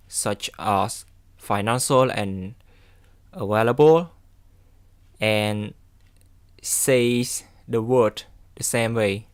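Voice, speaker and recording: A man with talks through exam tips at an unhurried, halting pace, often pausing on ums and restarting words. His voice is smooth and clear, sitting at an ordinary middle pitch. He sounds like a tutor working through a study guide. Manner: hesitant, with frequent ums and self-corrections. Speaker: English test tutor. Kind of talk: reading and explaining study tips.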